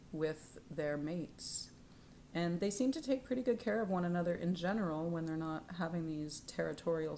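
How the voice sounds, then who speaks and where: A woman reading tarot cards in a spiritual vlog, soft-spoken and at times dropping to a whisper, livelier and laughing as she tells stories. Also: deep voice, slight background noise. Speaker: tarot reader. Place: home in Canada.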